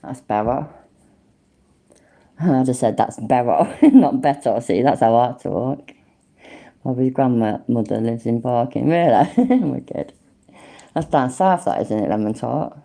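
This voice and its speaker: Casting: low-voiced woman, East Midlands accent, chatty, swears a lot, laughs often, livestream host. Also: lively intonation, unhurried, creaky, mellow. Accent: East Midlands English. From English Midlands. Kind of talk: casual livestream chat with viewers.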